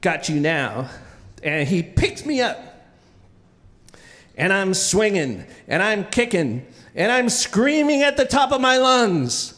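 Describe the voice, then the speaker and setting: A man telling a childhood story live on stage, animated and often restarting with repeated words. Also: high voice, slow, big-room sound.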